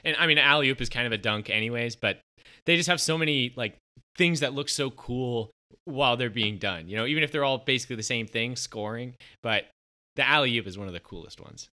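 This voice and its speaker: Male co-host, very bright sharp tone, rambling and upbeat. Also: medium pitch, fairly quick. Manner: rambling, enthusiastic, laughs a lot. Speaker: podcast co-host. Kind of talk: casual film discussion.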